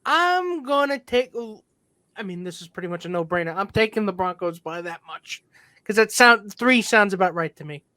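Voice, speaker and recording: A man co-hosts a podcast in a loose, joking way and swears casually as he talks. His voice is bright and sits dry and close to the mic. He keeps the whole thing offhand. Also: high-pitched, animated, moderate pace, no echo. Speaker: podcast co-host. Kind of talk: casual sports chat.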